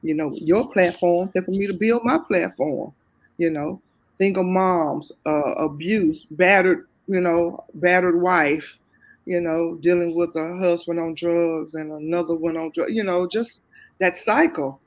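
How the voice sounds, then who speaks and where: A woman's voice: on the low side, unhurried. Heartfelt woman, Southern US accent. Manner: heartfelt, faith-filled, repeats phrases for emphasis. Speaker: guest. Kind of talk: candid testimony in conversation.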